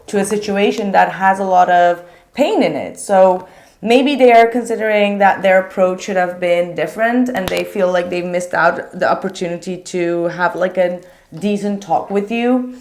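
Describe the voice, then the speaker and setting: A young woman giving a casual tarot reading to viewers, chatty and animated, with frequent filler words. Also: on the low side, moderate pace. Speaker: tarot reader.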